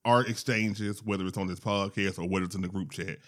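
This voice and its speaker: Man, podcast host, casual chat, relaxed, laughing asides. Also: sits low, quick pace.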